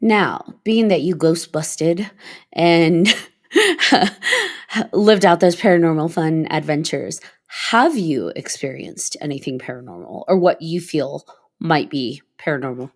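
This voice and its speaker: Slow, low-voiced woman host. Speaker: podcast host. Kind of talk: interview questions.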